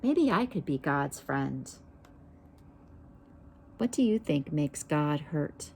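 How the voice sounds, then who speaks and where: Female reader for a children's picture book: slow, gentle, somewhat low voice, stops to pose questions to listeners. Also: very animated, slight background noise. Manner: gentle, unhurried, pauses to ask listeners questions. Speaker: storybook reader.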